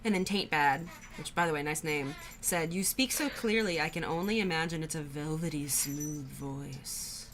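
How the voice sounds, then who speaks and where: A woman's voice: low voice, moderate pace, hardly any pauses, fairly bright tone. A young woman co-hosting a crafting livestream, chatty and casual as she reads out viewer comments. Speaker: co-host and video editor.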